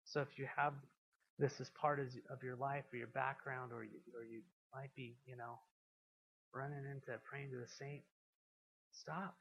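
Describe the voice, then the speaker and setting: A man preaching a sermon to a congregation. He asks them questions and swings from quiet, intimate passages to loud, emphatic ones. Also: medium pitch, little pitch movement, normal speed, husky, dull audio. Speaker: pastor.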